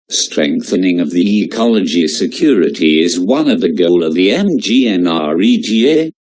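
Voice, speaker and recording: A man reading out exam-prep lecture notes in a slow, measured way. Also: low voice, darkish tone.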